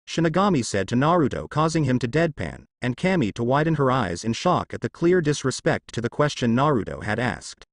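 A man narrating a fan-fiction story aloud in an animated way. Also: medium pitch, brisk, hardly any pauses, dry recording, studio quality. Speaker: fanfiction narrator. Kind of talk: story reading.

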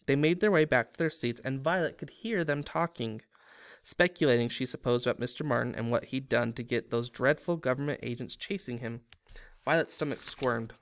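A man reading a novel aloud with steady storybook narration. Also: mid-range voice, moderate pace, dry recording. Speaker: reader.

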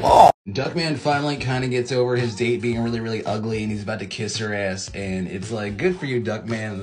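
A man's voice: medium pitch, fairly bright tone. A man in a casual, profane, rambling comedy rant who acts out characters' lines as he goes.

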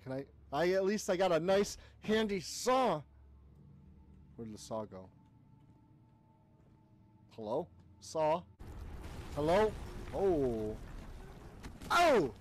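A man's voice: on the high side, a little slow, a little hiss or hum. A young man streaming a horror game, commenting with jokes, yelps and laughs. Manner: animated, jokey, frequent yelps and laughter.

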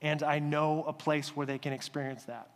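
A male pastor giving a conversational, animated sermon in a church sanctuary. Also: on the high side, normal speed, in a large hall.

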